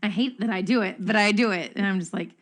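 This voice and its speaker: A woman's voice: medium pitch, fast. Candid woman in casual Bible chat.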